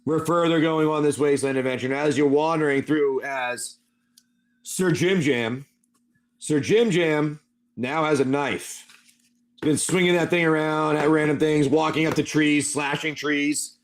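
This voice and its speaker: A man's voice: on the high side, steady tone, measured pace. A man hosting a live stream who narrates a tabletop wasteland adventure as game master, rambling loosely and calling on his players by name.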